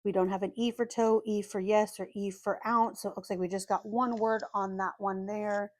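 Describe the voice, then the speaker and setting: A woman calmly narrating as she scratches lottery tickets, methodically spelling out letters one by one. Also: medium pitch, normal speed, dry recording. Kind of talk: calm scratch-and-reveal narration.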